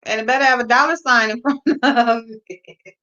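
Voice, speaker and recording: A woman hosts a livestream and chats casually with her viewers, her voice a little high with a steady, sharp tone at a moderate pace. She's slangy and blunt, swearing and giggling as she talks. The audio is dull, lo-fi livestream sound.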